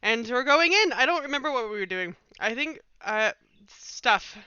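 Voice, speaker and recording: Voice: medium pitch, lively intonation, normal speed, pushed and bright, clean tone, dry recording, dull audio. A game streamer rambling through a live let's play, reading game text and trailing off in self-mocking asides.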